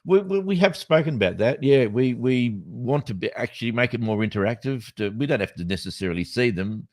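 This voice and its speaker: A man's voice: medium pitch, lively intonation, fairly quick, darkish tone, no room sound. A middle-aged Australian man co-hosting a casual chat, rambling and joking, often breaking into laughter. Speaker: podcast co-host.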